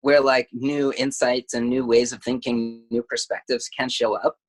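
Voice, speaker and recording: A man in a casual spiritual chat, earnest and halting, piling up fillers. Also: mid-range voice, flat delivery, faint music behind.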